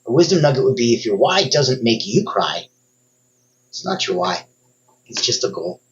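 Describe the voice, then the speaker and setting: A man's voice: big pitch swings, normal speed, highs cut off. Male coach with a middle-range voice, giving an emphatic motivational talk straight to the listener. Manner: emphatic, speaks straight to the listener, sudden upward pitch jumps.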